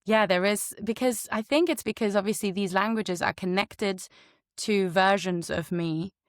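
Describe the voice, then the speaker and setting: A woman voice actor, a native German speaker with a hybrid international accent, chatting lively as a podcast guest. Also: medium pitch, moderate pace, no room sound, clean studio sound. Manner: lively, chatty, heavy use of "like".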